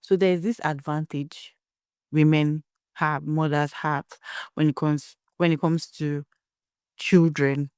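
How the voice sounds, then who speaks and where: A woman's voice: low-pitched, fairly even intonation, slow, darkish tone, smooth, dry recording, clean studio sound. A young Nigerian woman hosting a solo podcast, giving blunt opinions and telling stories in a conversational way. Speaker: podcast host.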